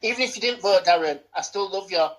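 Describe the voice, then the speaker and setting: A woman's voice: mid-range voice, quick pace, low-quality recording. A young woman co-hosting a casual film-review chat, boasting in playful, theatrical banter and swearing freely. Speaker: podcast co-host.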